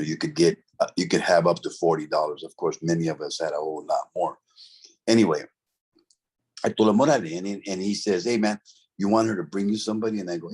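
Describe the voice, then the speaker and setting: A man's voice: deep voice, a little mellow, slightly rough. A middle-aged man, telling a story from his past in a casual, profane, streetwise way, full of "bro" and "right?". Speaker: interview guest, former convict.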